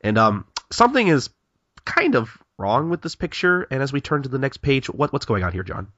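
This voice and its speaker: A man's voice: mid-range voice, very animated, brisk, fairly bright tone, highs cut off. A man co-hosting a podcast, recapping a manga in casual chat, often stammering and repeating words. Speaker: podcast co-host.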